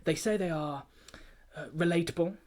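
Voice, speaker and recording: Guy doing a stuck-up poetry gatekeeper, pompous rhyming briefing, kinda high voice. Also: moderate pace, a little mellow, natural voice. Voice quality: pompous, grandiloquent, rhythmic recitation. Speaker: comic poet. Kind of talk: comic rhyming spoken-word satire.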